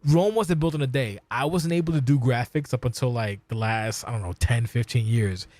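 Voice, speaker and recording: A man's voice: mid-range voice, a little fast, darkish tone, no echo. A middle-aged man hosting a podcast, talking bluntly and profanely in casual chat, ranting about how he works with people. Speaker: podcast host.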